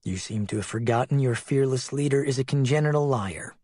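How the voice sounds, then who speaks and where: A man's voice: mid-range voice, brisk, warm tone, no room sound, studio quality, natural voice. A man playing a skeptical, sardonic middle-aged doctor with a cutting way of speaking.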